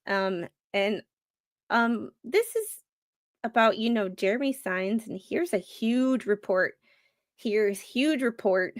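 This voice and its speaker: A woman's voice: mid-range voice, no echo. Rambling woman reading court papers. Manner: halting, rambling, with many fillers and restarts. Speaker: commentary host. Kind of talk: casual reading of court documents.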